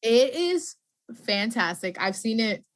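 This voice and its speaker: A woman's voice: a little high, slow. Chatty woman podcast host. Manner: chatty, animated, laughs often. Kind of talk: casual interview chat.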